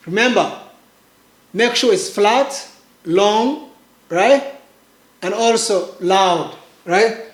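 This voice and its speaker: A Mandarin teacher leading a pinyin lesson, drawing out each model word slowly and asking the listener to repeat, with casual fillers in between. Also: mid-range voice. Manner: slow, drawn-out model words with fillers. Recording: echoey room.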